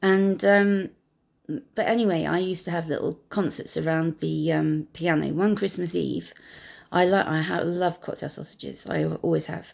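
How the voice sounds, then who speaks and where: A woman and piano teacher gently recalling her own learning, talking hesitantly with many pauses and fillers. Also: on the low side, fairly even intonation, creaky. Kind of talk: reflective personal storytelling. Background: piano music.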